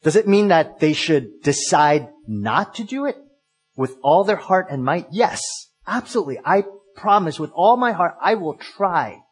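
A male pastor giving an earnest, emphatic sermon, pausing and restarting as he works through his points. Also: on the high side, big pitch swings, breathy edge, faint music behind.

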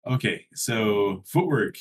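A man's voice: lowish voice, lively intonation, slow pace, breathy edge. A man co-hosting a casual gaming podcast, explaining things at length with many fillers. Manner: explanatory, many ums and likes, laughs easily. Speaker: podcast co-host.

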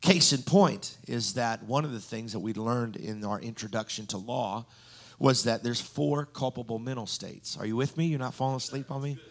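A man's voice: medium pitch, moderate pace, vocal fry. A man preaching a sermon, telling stories with frequent ums and restarts. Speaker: guest preacher.

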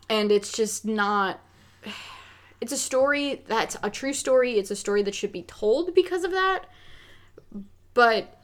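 Woman on a podcast just rambling about a movie, lots of um and like, swears a bit. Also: medium pitch. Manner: rambling, frank, swears, many fillers. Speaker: podcast co-host. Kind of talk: casual film review chat.

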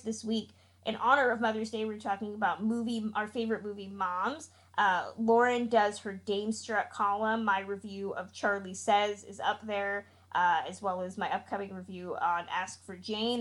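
A woman's voice: mid-range voice, fairly bright tone. A woman hosting a podcast, chatting casually through the show's sign-off and plugs, with fillers and laughs. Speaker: podcast host. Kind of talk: casual podcast outro chat.

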